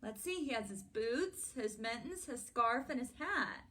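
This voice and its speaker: Story time host: a young woman, bright and lively, reading slowly to children. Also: on the high side. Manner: animated and playful, speaking to children.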